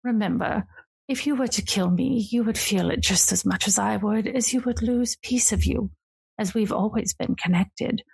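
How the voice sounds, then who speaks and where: A woman's voice: medium pitch, moderate pace, creaky, a little mellow, slightly rough, pitched above the performer's own voice. A woman voicing a regal fae noblewoman who teases her brother in a languid, purring way. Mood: teasing. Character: regal teasing fae noblewoman, sister of a god.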